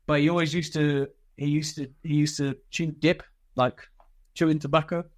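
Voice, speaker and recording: A man's voice: a little high, flat delivery, moderate pace, no echo, clean studio sound. A man telling war stories as a podcast guest, candid and laid-back, swearing freely, with lots of fillers and restarts. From Britain. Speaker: guest, army veteran. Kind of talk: casual storytelling interview.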